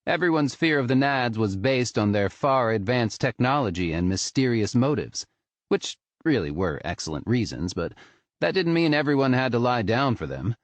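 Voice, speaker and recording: A man narrating an audiobook in an expressive, storytelling manner. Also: medium pitch, moderate pace, no room sound. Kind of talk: scripted narration.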